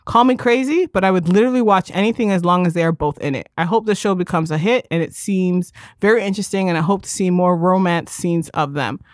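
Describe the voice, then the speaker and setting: A woman's voice: on the low side, fast talker, few pauses, no echo, studio quality. A woman co-hosting a podcast in casual chat, giggly and chatty, often trailing off and restarting. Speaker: podcast co-host.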